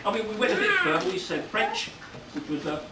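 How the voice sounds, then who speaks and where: Heard from a distance in a reverberant hall full of loud background noise, a middle-aged father of the bride delivers a meandering, jokey toast punctuated by loud outbursts of praise. His high voice swoops wildly up and down, and he talks fairly quickly.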